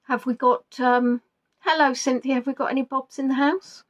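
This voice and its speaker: A woman's voice: sits high, fairly even intonation, moderate pace, dull audio. A woman hosting a live quiz, chatting casually and rambling with self-deprecating asides. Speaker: quiz host. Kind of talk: casual live-stream chat.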